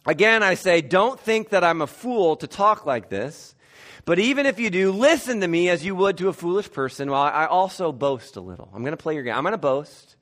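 A male pastor preaching a conversational, animated sermon in church. He often restarts and corrects himself. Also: high voice, fairly quick.

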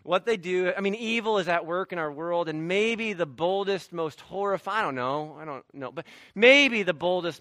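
A man preaching a sermon as pastor, animated, moving between loud emphatic peaks and quiet low asides. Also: dry recording.

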